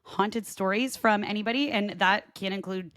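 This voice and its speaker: A woman co-hosting a podcast in casual chat, talking in a rambling, animated way. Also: medium pitch, normal speed, no echo, studio quality. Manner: chatty, lots of "like" fillers, animated storytelling. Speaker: podcast co-host.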